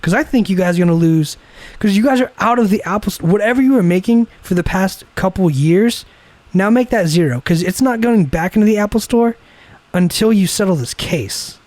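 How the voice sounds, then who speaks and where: Ranting young man with a higher voice. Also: animated, a little fast, a little mellow, no room sound. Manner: ranting, swearing, acts out quoted people. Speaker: podcast co-host. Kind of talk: casual chat over beers.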